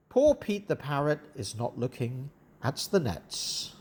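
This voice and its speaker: A man reading for young learners in a calm, deliberate voice. He speaks extremely slowly, each word set apart clearly for the class to repeat. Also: medium pitch. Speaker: narrator and word-list reader. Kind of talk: slow educational reading.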